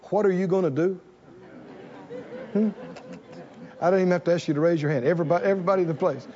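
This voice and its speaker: A man preaching a sermon to a congregation, animated and repeating phrases for emphasis. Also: sits high, lo-fi sound. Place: church in front of a congregation.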